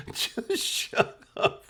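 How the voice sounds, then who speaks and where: A man voicing his exasperated male cousin, scolding in urgent hushed bursts at a funeral. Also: medium pitch, slow pace.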